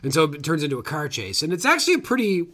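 A man's voice: on the high side, huge pitch swings, racing, bright, forceful tone. A man co-hosting a casual film podcast, recapping the plot in a rambling way with fillers and the odd swear word. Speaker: podcast co-host.

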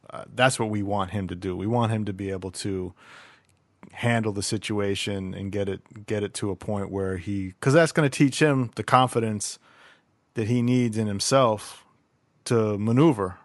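A low-voiced man talks reflectively in a casual chat, restarting his sentences as he thinks aloud. The sound is dry and close. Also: no room sound. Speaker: podcast co-host, parent.

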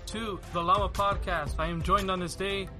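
A man's voice: high voice, steady tone, normal speed, music in the background. A young man hosting a podcast in casual chat, rambling and filling his talk with "like" and "dude". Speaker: podcast host.

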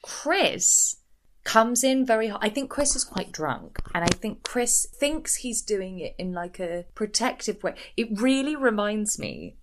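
A woman co-hosting a casual chat podcast, animated and acting out quotes in exaggerated voices. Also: mid-range voice, unhurried. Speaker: podcast co-host.

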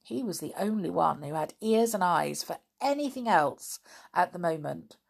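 A woman reads a children's story aloud with plenty of expression. Her voice sits low, yet her melody rises and falls in lively arcs. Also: moderate pace, gravelly, husky.

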